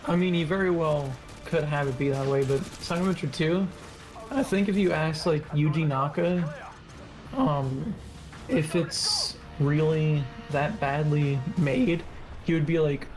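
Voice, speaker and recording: A man's voice: on the high side, measured pace, soft background music. A man co-hosting a gaming stream, rambling casually with laughs and the odd curse. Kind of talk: casual gameplay chat.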